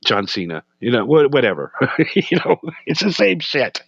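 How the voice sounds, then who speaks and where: A man's voice: mid-range voice, sing-song, moderate pace, creaky, fairly bright tone, husky, no room sound. A man co-hosting a comedy podcast in casual banter, rambling and laughing often as he acts out quotes. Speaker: podcast co-host. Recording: dull, slightly muffled sound.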